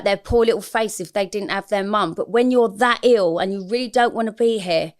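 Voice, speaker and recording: A woman, speaking frankly and emotionally as a guest in a candid interview. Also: mid-range voice. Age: 40s.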